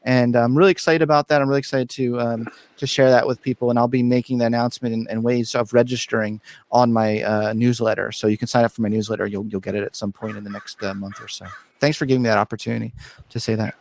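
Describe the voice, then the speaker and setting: A man's voice: medium pitch, quick pace, no room sound. Playful man on a video call. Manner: playful, self-promoting with joking excitement. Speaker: guest, psychologist. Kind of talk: casual panel chat.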